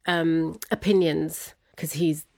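A woman telling a personal story as an interview guest, laughing often and animated when quoting others. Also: sits low, slow pace, gravelly, no room sound, studio quality.

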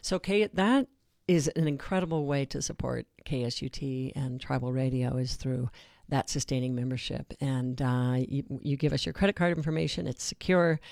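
A man hosting a public radio fund drive in relaxed, conversational talk from a studio. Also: mid-range voice, moderate pace, creaky, hardly any pauses, no room sound. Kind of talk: on-air fund drive chat.

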